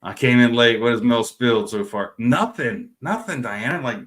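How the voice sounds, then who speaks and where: A middle-aged man from Florida hosting a live Q&A, reading out viewer comments in a relaxed, profane, laugh-filled way. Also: mid-range voice, normal speed. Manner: relaxed, swears freely, laughs often. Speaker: host of a live Q&A stream.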